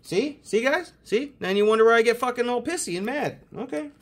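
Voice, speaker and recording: A young man rips through his mail-day cards with hyped, foul-mouthed commentary. His pitch leaps and drops all over the place as he cheers some cards and grumbles at others. It sounds like an off-the-cuff chat to his viewers. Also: a little fast, very noisy. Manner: profane, excitable, hyped. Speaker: host opening sports cards. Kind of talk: casual card-opening commentary.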